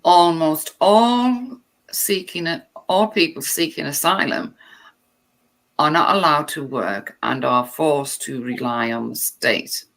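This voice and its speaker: A woman reads text aloud at a slow, unhurried pace, her voice gravelly with fry. She keeps breaking off for sarcastic, irritated asides. Her tone stays bright and tense throughout. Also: a bass voice. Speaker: vlogger.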